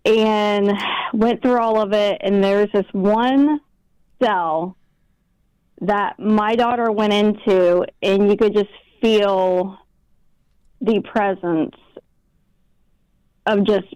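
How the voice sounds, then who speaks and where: A middle-aged woman calling in to a live show, hesitant and halting as she tells her story. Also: medium pitch, fairly even intonation, a little mellow, clean tone, dry recording, poor audio. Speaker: caller.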